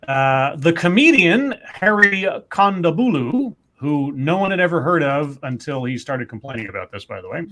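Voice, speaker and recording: A man's voice: fairly high pitch, sing-song, normal speed, few pauses, pushed and bright. A man co-hosting a podcast, reading out news stories and quotes with frequent fillers and casual commentary.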